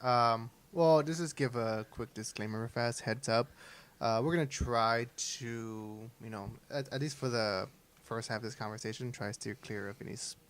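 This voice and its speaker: A man's voice: mid-range voice, a bit bright. A young man co-hosting a podcast, chatting loosely and laughing as he talks. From South Texas. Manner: laughing, loose and chatty, reads plugs off quickly. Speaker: podcast co-host. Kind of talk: casual chat.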